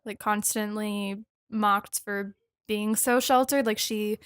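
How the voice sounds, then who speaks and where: Slow, flat-voiced young woman. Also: mid-range voice, clean tone, no room sound, studio quality. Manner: hesitant, many fillers. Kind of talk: casual movie chat.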